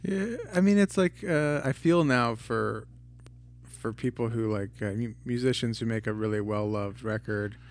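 Guest, male, mid-pitched, reflective and self-deprecating in conversation. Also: normal speed. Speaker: guest, theater maker. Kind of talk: casual interview chat.

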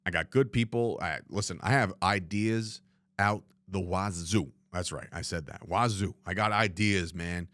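Low-voiced candid New man podcasting. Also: a little slow, a bit bright, no echo, clean studio sound. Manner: candid and rambling, swearing, frequent "you know what I mean". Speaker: podcast host. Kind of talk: reflective solo podcast monologue. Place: studio room, alone.

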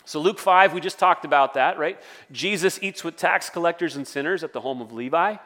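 A man's voice: fairly high pitch, fairly quick, fairly bright tone, in a large hall. A man preaching a sermon as pastor, conversational, with storytelling asides.

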